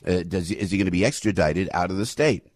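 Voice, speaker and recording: A man hosting a talk show, giving fired-up political commentary, ranting, repeating himself and bursting into shouts. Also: low voice, fast talker, dry recording.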